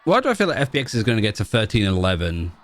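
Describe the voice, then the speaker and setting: A man giving live esports commentary in a joking, excitable, chatty way. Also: on the low side, rapid-fire. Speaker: esports co-caster.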